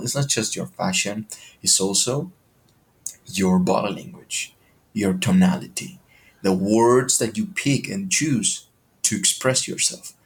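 A man hosting a podcast, talking in a motivational monologue that is full of questions and casual swearing. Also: on the low side.

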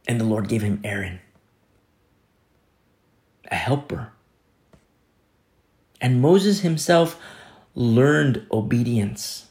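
A man preaching a sermon, acting out quoted speakers with sudden swings between loud, high calls and low, hushed asides. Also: big pitch swings, takes it slowly, pauses often. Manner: dramatic, voicing quoted speakers with big swings in pitch and loudness. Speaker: pastor.

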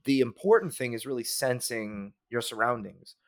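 A man's voice: medium pitch, moderate pace. Brief: man, podcast co-host, easygoing rambling chat, fillers and restarts. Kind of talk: casual chat.

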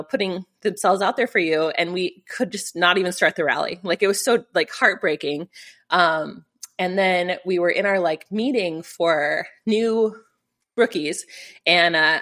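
Middle-aged woman, lowish voice, chatty storytelling, lots of "like", acts out the quotes. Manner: animated, acts out quotes, many fillers. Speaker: rally competitor. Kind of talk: storytelling in an interview.

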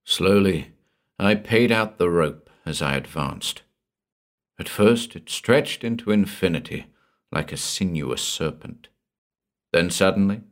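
A man with a very low, deep voice reads a horror tale aloud. He takes his time, narrating slowly with a measured, brooding delivery. The style is dramatic audiobook narration.

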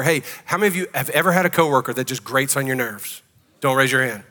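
A man's voice: medium pitch, fast talker, pushed and bright, big-room sound. A man preaching a sermon as pastor, emphatic and conversational, asking the congregation questions. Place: church sanctuary.

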